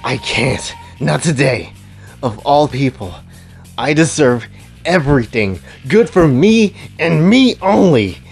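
A man's voice: on the high side, animated, takes it slowly, gravelly, husky, soft background music, voice pushed up, full character voice. A man voicing an arrogant, boastful young anime rival who sneers and threatens. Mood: arrogant, threatening.

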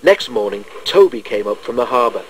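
A man reading a children's railway storybook aloud in a measured, gentle storytelling manner. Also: medium pitch, sing-song, slight background noise, low-quality recording. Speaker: narrator.

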